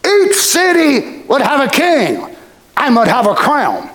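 A male preacher delivering an impassioned sermon, swinging between shouts and hushed whispers. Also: very high-pitched, wildly swooping pitch, slow.

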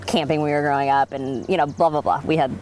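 A woman in her thirties from Oregon, telling stories in an oral history interview, animated, with frequent laughs and fillers. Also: deep voice, quick pace, slight background noise. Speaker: interviewee, winemaker.

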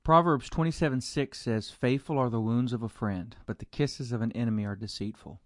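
A man, a pastor, telling stories in an animated, expressive way in a casual conversation. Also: mid-range voice, a little fast, no room sound, clean studio sound.

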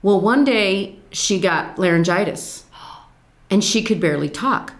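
An older woman, a former Marine, telling stories from her service in an animated, laughing conversational way. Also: medium pitch, unhurried, roomy sound. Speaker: veteran telling her story. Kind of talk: casual storytelling chat.

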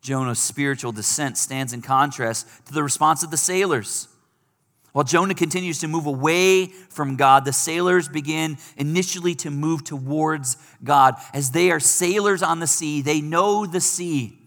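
Bright-voiced preacher in a reverberant hall. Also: male voice, a little high, normal speed. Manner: conversational preaching, rising for quoted pleas. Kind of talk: sermon.

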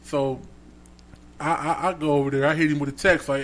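On a podcast, a male co-host casually spins a story, acting out each character's voice with lots of animation. His voice is a little high and a little fast, with a faint hiss or hum in the audio.

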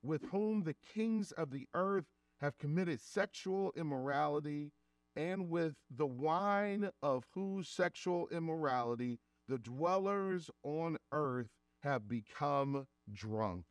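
A man in his thirties preaching a sermon as pastor, earnest and slowing down to stress key phrases. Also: on the high side, expressive, no echo. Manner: earnest preaching, slows for emphasis. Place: church sanctuary.

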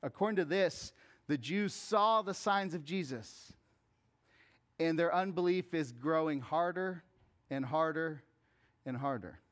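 Man, pastor, conversational sermon, slightly high voice, fervent appeals. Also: unhurried, long pauses.

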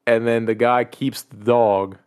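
A man co-hosting a casual podcast, retelling a movie scene by scene, swearing freely and jumping into high voices for the characters he quotes. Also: little pitch movement, measured pace, darkish tone, clean tone. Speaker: podcast co-host. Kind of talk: casual chat, movie recap.

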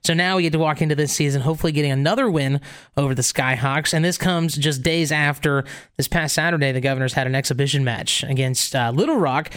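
A man's voice: fairly high pitch, fast, a bit bright, clear, resonant tone. A man co-hosting a sports talk show, laying out schedules and stats in an informative way. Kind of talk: sports talk, previewing games.

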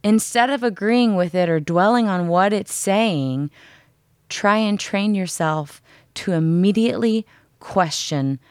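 A woman's voice: mid-range voice, a little slow, darkish tone, clean tone, no room sound, clean studio sound. A woman speaking frankly and with some profanity in a casual coaching chat, acting out the voices in her head during workouts. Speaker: podcast co-host.

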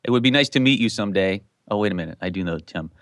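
A man's voice: lowish voice, animated, racing, fairly bright tone, dry recording, studio quality. A man answering listener questions on a podcast in casual, joking banter. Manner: joking, wisecracking.

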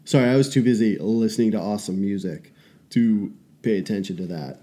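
A man's voice: fairly low pitch, brisk, mellow. A man in his forties, a podcast co-host in casual chat who tells stories with profanity and self-deprecating jokes.

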